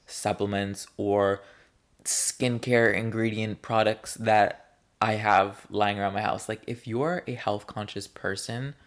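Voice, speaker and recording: A man's voice: fairly low pitch, steady tone, slow pace. A young man talking straight to camera in a casual vlog, rambling in a playful and candid way and drawing out his words. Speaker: vlogger. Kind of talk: casual chatty vlog monologue.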